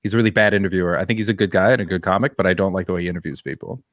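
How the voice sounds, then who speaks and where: A man's voice: deep voice, racing, no room sound, clean studio sound. A man co-hosting a comedy podcast, casual and blunt, teasing and often laughing. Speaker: podcast co-host.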